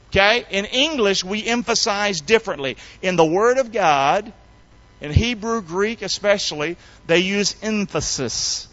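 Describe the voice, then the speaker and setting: A man preaching a sermon in a folksy, call-and-response style, swinging between loud emphatic shouts and low hushed tones. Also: lively intonation, moderate pace, no room sound. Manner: folksy, colloquial delivery. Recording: dull, dry, lo-fi recording.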